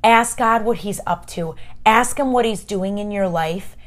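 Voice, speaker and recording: A woman with an unhurried mid-range voice hosts a podcast, giving a casual, encouraging faith talk. Chatty and emphatic, she speaks straight to her listeners as if they were friends.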